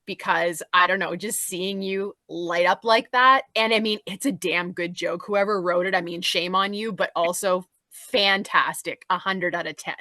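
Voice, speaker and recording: A woman's voice: on the low side, fairly even intonation, moderate pace, hardly any pauses, bright, forceful tone, dry recording, clean studio sound. A woman panelist on a podcast, a commission artist, chatting casually and laughing apologetically.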